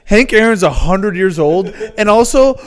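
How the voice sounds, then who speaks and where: Young male co-host, higher-pitched, laughs through his stories, comedy podcast. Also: moderate pace. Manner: animated, giggly storyteller. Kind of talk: casual comedy podcast chat.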